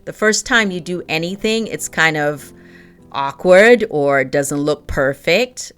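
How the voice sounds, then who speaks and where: A woman's voice: sits low, expressive, takes it slowly, a bit bright, clean tone, faint music behind. A woman vlogger chatting casually and cheerfully about how her baking turned out. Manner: chatty, self-assessing, upbeat. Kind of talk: casual baking vlog chat.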